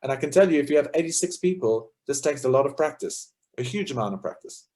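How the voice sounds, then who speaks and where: A man's voice: medium pitch, lively intonation, quick pace, darkish tone. A man, a choral conductor, giving a lecture and posing one rhetorical question after another. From South Africa. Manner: earnest, asks many rhetorical questions. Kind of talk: lecture talk.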